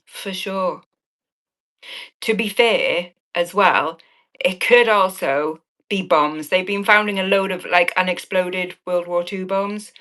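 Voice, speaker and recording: A woman's voice: on the low side, takes it slowly, a bit bright. A woman selling earrings on a live stream, chatting cheekily with viewers and swearing with a laugh. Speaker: online auction seller.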